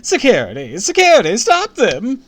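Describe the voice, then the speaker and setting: A man voicing a flustered female receptionist in a high, shrill put-on voice while reading a spooky children's storybook aloud. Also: wildly swooping pitch, slow, sharp tone, exaggerated voice. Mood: frantic.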